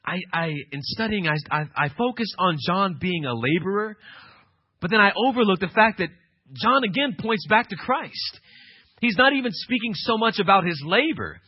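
A male pastor preaching an emphatic sermon, swinging from quiet passages to loud, insistent ones. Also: sits high, animated, normal speed, husky, no room sound, highs cut off.

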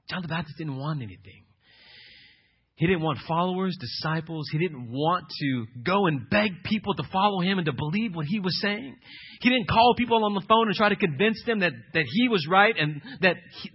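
A man preaching a sermon as pastor, swinging from loud emphatic declarations to low, intense asides. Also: animated, a little fast, breathy edge. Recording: muffled lo-fi sermon recording.

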